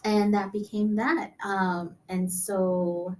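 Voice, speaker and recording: A young adult woman, a singer-songwriter guest, telling her life story in a casual interview, reflective and soft-spoken, often trailing off with fillers. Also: medium pitch, little pitch movement, slow pace, distant mic.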